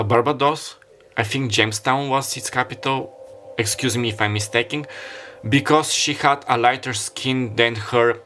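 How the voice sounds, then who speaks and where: A man's voice: mid-range voice, sharp tone. A man who is not a native English speaker gives a casual tarot reading, rambling and hesitant, often stopping to apologize and correct himself. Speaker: tarot reader.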